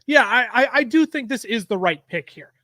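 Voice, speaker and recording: Casting: high-pitched male podcast co-host, energetic play-by-play, dry studio sound. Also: normal speed, dry recording. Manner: energetic, play-by-play announcing the picks. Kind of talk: casual draft-reaction chat.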